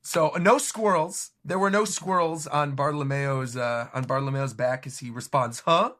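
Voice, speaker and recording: A man's voice: medium pitch, steady tone, moderate pace, fairly bright tone. A man co-hosting a podcast, animatedly recapping a comic chapter with laughs. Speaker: podcast co-host. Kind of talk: casual recap chat.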